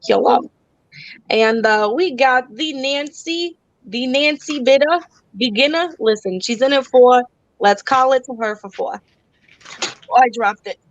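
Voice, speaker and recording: Brief: playful woman auctioneer, higher voice, dry close sound, scattered and laughing. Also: measured pace, no room sound, dull audio. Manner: giggly, self-teasing, scattered. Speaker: auction host. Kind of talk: casual live-stream auction chat.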